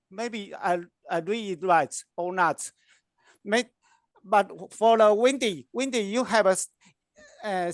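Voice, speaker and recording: A woman speaking as a gives a grammarian's report, dwelling slowly on each word and repeating herself. Her pace is very slow and unhurried. The sound is dry and close. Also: mid-range voice, dry recording. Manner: slow, halting, repeats words while giving feedback. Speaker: grammarian at a speaking club meeting. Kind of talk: meeting report on word usage.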